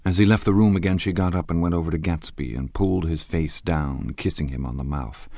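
Deep, gravelly male narrator. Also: brisk, warm tone, no echo. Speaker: audiobook narrator. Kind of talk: scripted literary narration.

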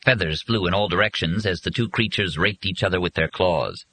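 A man reading an audiobook in a husky voice with dramatic, expressive scripted narration. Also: sits low, a little fast, rough recording.

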